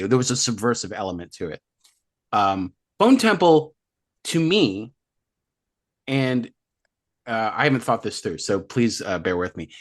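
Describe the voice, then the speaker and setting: A man co-hosting a movie podcast, chatting casually and rambling through his points. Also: lowish voice. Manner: rambling, many fillers and restarts. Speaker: podcast co-host. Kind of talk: casual chat.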